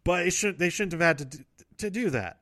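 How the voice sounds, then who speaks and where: Guy rambling through a show recap, a bit higher voice, keeps correcting himself. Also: lively intonation, a little fast, a bit bright, dry recording, studio quality. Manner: rambling, self-correcting, laughs often. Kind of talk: casual wrestling show recap.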